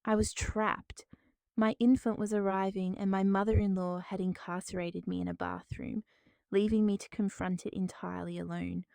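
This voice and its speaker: A woman narrating a dramatic first-person story in a measured, formal way. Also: mid-range voice, level tone, vocal fry, darkish tone, clear, resonant tone, dry recording, studio quality.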